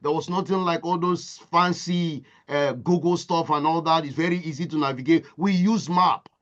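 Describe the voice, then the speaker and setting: High-voiced man, impassioned. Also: steady tone, moderate pace, fairly bright tone, muffled recording. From Nigeria. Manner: impassioned storytelling with emphatic repetition. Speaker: motivational speaker. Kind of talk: motivational talk.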